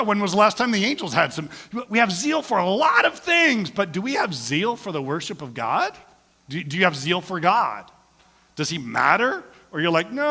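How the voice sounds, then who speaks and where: A lively male pastor, middle-aged, talks in a bright, forceful, fairly high voice that jumps all over in pitch. He jokes with the congregation and acts out little quoted voices. The sound carries a long church reverb. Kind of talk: casual conversational sermon. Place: church sanctuary.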